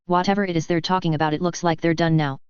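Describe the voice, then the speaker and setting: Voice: medium pitch, level tone, fast talker, a little mellow, smooth, no room sound, muffled recording, close to an everyday voice. A narrator voicing a joking young male soldier who teases his teammates. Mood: teasing. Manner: joking, teasing.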